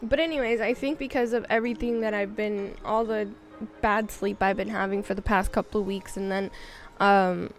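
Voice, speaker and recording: A woman's voice: mid-range voice, steady tone, normal speed, few pauses, faint music behind. A woman in her thirties streaming a game, talking in a rambling, candid, self-mocking way. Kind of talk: casual chat while gaming.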